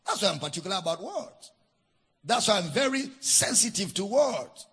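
A man with a Nigerian accent preaching a sermon, teaching with deliberate emphasis and spelling out words. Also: very high voice, fairly bright tone, husky. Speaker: pastor.

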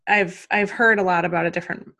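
A woman in her thirties with a fairly low voice that has a gravelly, fry-edged texture. She talks casually and loosely, circling her thoughts with fillers and self-questioning as she chats about raising her child. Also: steady tone, fast talker, sharp tone. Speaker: mother and podcast guest. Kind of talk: casual conversation.

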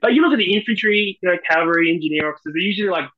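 A man's voice: sits high, racing, phone-quality sound. A man with an Australian accent, a guest army officer chatting casually on a podcast, brash and profane as he tells stories.

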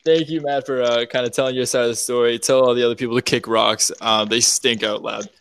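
A man's voice: medium pitch, fairly even intonation, fast, fairly bright tone, slight background noise. A man hosting a casual podcast, loose and joking as he leads the talk. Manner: loose, joking, laughs often. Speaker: podcast host. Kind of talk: casual chat.

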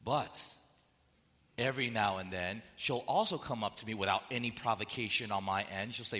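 A man's voice: on the low side, brisk, bright, forceful tone. A man preaching a sermon as pastor, conversational and repeating his key phrases. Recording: long hall reverb.

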